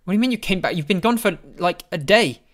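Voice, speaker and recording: A man's voice: high voice, expressive, quick pace, a bit bright, voice pushed up. A man voicing a worried young woman adventurer, urgent and stumbling over her words.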